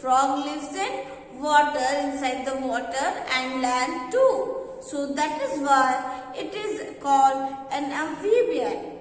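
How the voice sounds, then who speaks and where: Woman teacher, high voice, very slow, spells words aloud, repeats answers, long echo of a big room. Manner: repeats each answer twice. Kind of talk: children's lesson. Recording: roomy, echoing hall.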